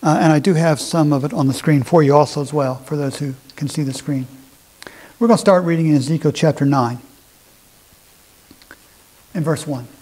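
A man preaching a sermon, his voice a little husky and sitting slightly high for a man. He reads scripture aloud with earnest emphasis and often restarts his phrases as he explains them to his listeners. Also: normal speed, long pauses, warm tone, poor audio. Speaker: pastor.

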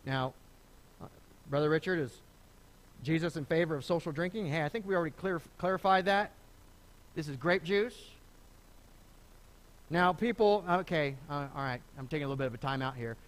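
A middle-aged man preaching a sermon as pastor, conversational and animated, often restarting phrases and acting out the people he quotes. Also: a little high, normal speed, pauses often. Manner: lively, conversational preaching with repeated starts and acted quotes. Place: church sanctuary.

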